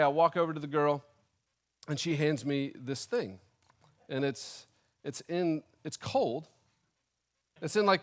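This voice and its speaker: A man preaching a sermon, telling a comic personal story with animated, indignant storytelling. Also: a little high. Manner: animated storytelling, acting out his own indignation. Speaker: pastor.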